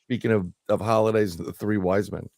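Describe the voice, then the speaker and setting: A man's voice: fairly low pitch, a little fast, gravelly, no echo. Man, middle-aged, podcast co-host, profane storyteller, dry studio sound. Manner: profane storyteller, animated retelling. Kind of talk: casual podcast chat.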